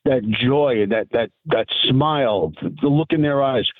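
A man's voice: mid-range voice, measured pace, no room sound. Middle-aged man, chatty guest storyteller, dry tinny phone-line sound. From New York. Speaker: guest, part-time Santa and lawyer.

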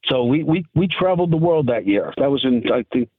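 A man's voice: medium pitch, lively intonation, a little fast, no room sound. A middle-aged man telling stories as a guest over a phone line, who works as a lawyer and plays Santa. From New York. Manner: chatty anecdotal storyteller. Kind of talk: phone interview, storytelling.

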